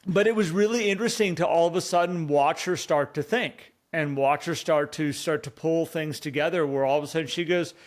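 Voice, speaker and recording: A man co-hosting a podcast in casual conversation, animated and fond of acting out his own inner dialogue. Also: a little high, fairly quick, hardly any pauses. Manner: animated, acts out inner dialogue in quoted voices. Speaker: podcast co-host.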